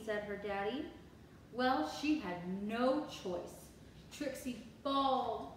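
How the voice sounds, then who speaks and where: A woman teacher reading a picture book aloud to children, animated and expressive with asides, heard from far off in an echoey room. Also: a little high, slow pace, a little hiss or hum.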